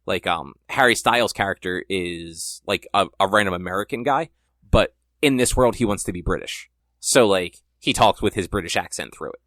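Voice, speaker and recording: A man's voice: low voice, normal speed, fairly bright tone, dry recording, clean studio sound. A young man co-hosting a podcast, rambling in casual chat and leaning hard on filler words. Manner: rambling, heavy use of "like". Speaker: podcast co-host.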